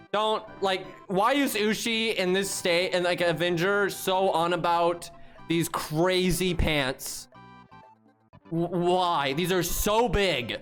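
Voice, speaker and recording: A man with a notably high voice streams live and talks straight to his chat. His commentary is blunt, exasperated and peppered with swearing. Faint music plays behind him. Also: a bit bright. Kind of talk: casual livestream commentary.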